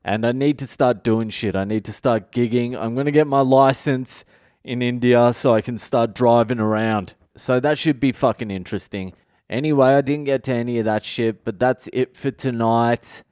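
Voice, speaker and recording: A man's voice: medium pitch, normal speed, a little mellow, clean tone, no room sound, clean studio sound. A man hosting a solo podcast, telling rambling stories in a blunt, profane way. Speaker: podcast host, comedian. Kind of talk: solo confessional podcast storytelling.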